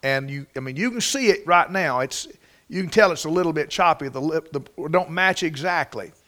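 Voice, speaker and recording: A man's voice: a little high, moderate pace, sharp tone. A man preaching a sermon, emphatic and prone to restarts. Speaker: pastor.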